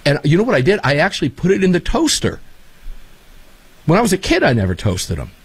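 A man hosting a casual talk show, telling animated, enthusiastic stories. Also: fairly high pitch, fairly quick, husky, no echo. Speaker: show host.

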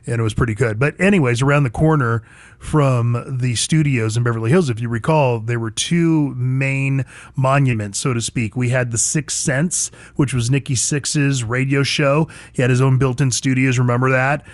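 A man's voice: medium pitch, fairly even intonation, moderate pace, no echo. A man hosting a talk radio show, speaking bluntly and conversationally about the news and old times with his producer. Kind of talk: opinionated talk radio monologue.

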